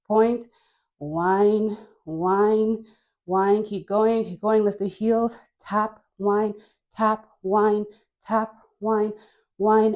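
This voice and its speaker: Playful woman dance instructor, mellow voice. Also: mid-range voice. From Caribbean. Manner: encouraging, playful, laughs often. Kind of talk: guided dance class. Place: dancing while talking. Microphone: wearing a mic.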